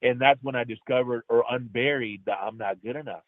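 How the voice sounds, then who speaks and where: A man's voice: mid-range voice, fairly quick, no echo. Earnest man over a tinny phone line. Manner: earnest and heartfelt, keeps calling the host brother. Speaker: guest, actor. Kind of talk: emotional personal storytelling in an interview.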